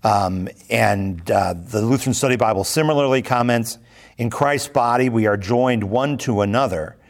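A man reading a scripture passage aloud, then explaining it in a measured teaching manner, often pausing with "um" and asking "right?". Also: medium pitch, vocal fry. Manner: measured, explanatory, with frequent ums and rhetorical "right?". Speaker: Bible teacher. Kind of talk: verse-by-verse scripture lesson.

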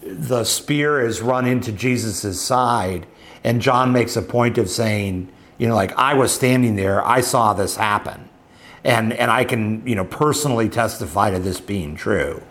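A man leading a Bible study, explaining scripture in a thoughtful, halting way with many pauses and fillers. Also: lowish voice, fairly bright tone.

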